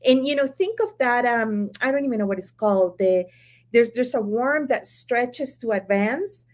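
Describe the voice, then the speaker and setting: A woman's voice: a little high, normal speed. A woman with a Spanish accent, co-hosting a casual mentoring discussion, often laughing as she tells stories. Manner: laughs often, animated storytelling. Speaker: mentor and co-host.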